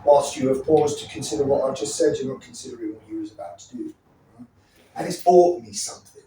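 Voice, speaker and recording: Teaching self-defense moves in a warm, animated, medium-pitched voice, a man talks a little fast, staying blunt and profane and regularly checking in with the listener. The echoey room and distant, off-mic placement add faint ambience plus a little hiss or hum.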